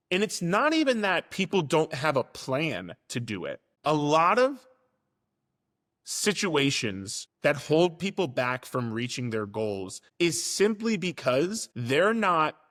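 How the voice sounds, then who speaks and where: A man's voice: fairly high pitch, fairly bright tone, long reverb tail. A man and fitness coach giving a casual, direct motivational monologue, now and then swearing for emphasis.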